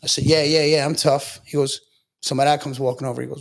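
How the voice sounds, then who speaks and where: A man's voice: medium pitch, little pitch movement, quick pace, vocal fry. A man from Long Island, a podcast guest, telling his story in a blunt, profane, casual way and saying "bro" a lot. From Long Island, New York.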